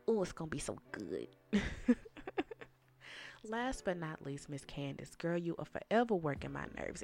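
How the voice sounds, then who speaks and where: Woman, young adult, casual reality TV commentary, sassy and animated, slightly low voice, faint music behind. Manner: sassy, animated, talks straight to the viewers. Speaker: reality TV recap host.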